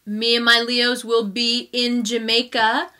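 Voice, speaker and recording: A woman's voice: fairly high pitch, flat delivery, unhurried, bright, forceful tone. A woman tarot reader talking casually and effusively to her viewers, laughing often and getting emotional. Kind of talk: casual direct-to-camera talk.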